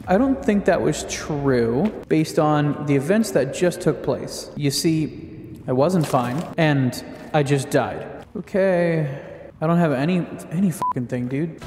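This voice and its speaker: A young man with a fairly high voice cracks jokes and swears freely while trash-talking the enemies in his game. His let's play commentary sits in a roomy space with a long reverb tail. Faint music plays behind him. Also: darkish tone. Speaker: gaming video creator.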